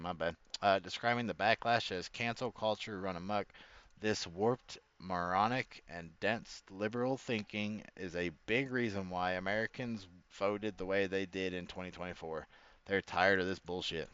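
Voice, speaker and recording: A man's voice: low-pitched, fairly bright tone, clear, resonant tone, no echo, muffled recording. A man ranting casually in a reaction video, rambling and slangy. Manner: rambling, slangy, keeps saying bro. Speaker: commentator.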